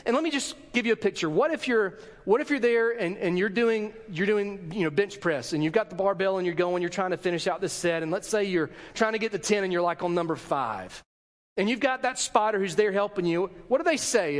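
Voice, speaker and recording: A man's voice: sits high, lively intonation, fairly quick. Emphatic preaching man in reverberant hall. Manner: emphatic preaching, acts out quoted lines. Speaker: pastor. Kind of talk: sermon.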